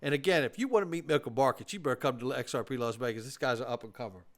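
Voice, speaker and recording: In rapid-fire delivery and a mid-range voice, a man runs his own crypto commentary channel. He addresses viewers directly with casual, forceful opinions.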